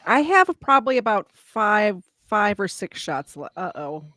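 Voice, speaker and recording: A woman's voice: medium pitch, big pitch swings, a little slow, bright, forceful tone, no room sound, clean studio sound. A woman from Chicago chatting on a live stream after several drinks, giggling and thanking viewers by name. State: has been drinking. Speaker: stream co-host. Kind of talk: casual chat.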